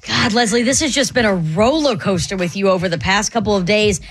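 A woman's voice: mid-range voice, fairly quick. A woman hosting a morning radio show, asking the caller question after question. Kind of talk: casual radio chat.

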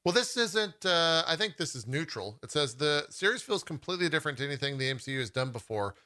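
Bright-toned man reading podcast reviews. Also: on the high side, expressive, fast. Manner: easygoing, laughs often. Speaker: podcast co-host. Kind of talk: casual podcast chat, reading reviews aloud.

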